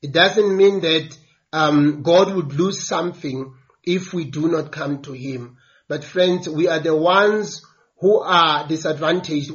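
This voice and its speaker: A man's voice: on the high side, muffled recording. A man preaching a sermon, earnest and building emphasis through repeated phrases.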